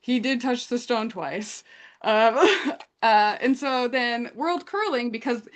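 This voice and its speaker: A young woman from Canada telling a story in casual chat, animated and acting out quotes. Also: a little high, slow pace. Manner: animated retelling with acted-out quotes. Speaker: guest storyteller.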